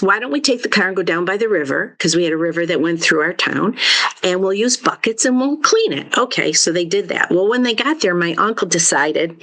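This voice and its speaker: A woman with a lowish voice tells stories from her childhood as a podcast guest. She talks reflectively and lifts her voice when she quotes her father. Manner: warm, reflective storytelling, quoting her father in lively bursts. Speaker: author guest. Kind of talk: storytelling in a podcast interview.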